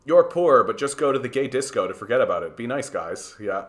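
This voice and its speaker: A man's voice: medium pitch, big pitch swings, a little fast. A man hosting a political livestream. He talks heatedly and swears freely, stammering through many restarts as he answers chat. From Canada. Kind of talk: livestream commentary reading chat.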